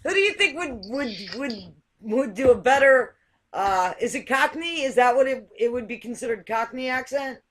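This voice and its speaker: High-pitched woman host asking rambling questions. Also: animated, normal speed. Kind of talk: casual chat.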